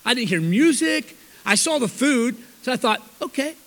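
A man's voice: very high voice, big pitch swings, moderate pace, fairly bright tone. A man telling a rambling, self-mocking story to a church audience, often correcting himself mid-sentence. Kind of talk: storytelling talk. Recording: long hall reverb.

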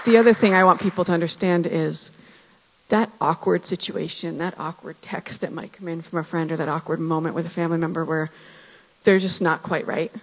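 A woman in her thirties giving a personal testimony in church, earnest and reflective, with pauses and restarts. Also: on the low side, fairly even intonation, a faint crowd, slight background noise. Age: 30s. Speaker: church speaker sharing testimony. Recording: hall reverb.

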